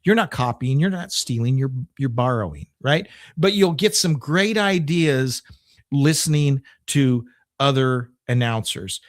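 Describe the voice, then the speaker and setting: A man's voice: mid-range voice, lively intonation, measured pace, dry recording, studio quality. A man in his fifties from Oklahoma, a former radio DJ giving casual advice in a conversational way, often tagging "right?". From Oklahoma, USA. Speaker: former radio DJ, channel host.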